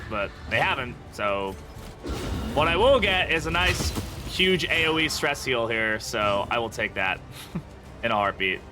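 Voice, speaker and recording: A man from the UK giving casual, chatty gameplay commentary while streaming, thinking aloud and chuckling often. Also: mid-range voice. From United Kingdom.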